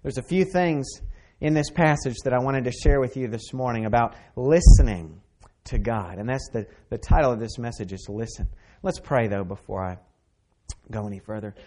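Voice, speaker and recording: A man preaching a sermon, earnest and emphatic, repeating phrases and swinging between loud and soft. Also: mid-range voice, moderate pace. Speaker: pastor.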